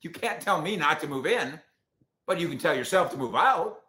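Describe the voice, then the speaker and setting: A man's voice: fairly high pitch, moderate pace, echoey room. A man hosting a casual sports talk show, ranting with strong opinions. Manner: opinionated, animated rants.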